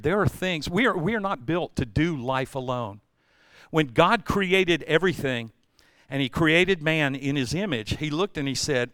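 A male pastor preaching a sermon, telling stories with humor and swinging from loud bursts to hushed passages. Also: on the high side, measured pace, dry recording. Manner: energetic storytelling, jumps between loud and hushed; playful asides and self-deprecating humor.

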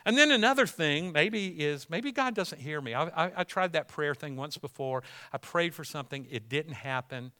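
A man's voice: fairly high pitch, animated, moderate pace, hardly any pauses, bright, forceful tone. A man preaching a sermon, talking it through in a conversational way and building up to emphatic exhortation. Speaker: pastor.

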